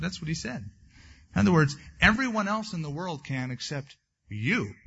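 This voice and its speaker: A man's voice: fairly high pitch, pushed and bright, breathy edge, lo-fi sound. A man preaching a sermon as a pastor, reading scripture aloud and then breaking into conversational asides.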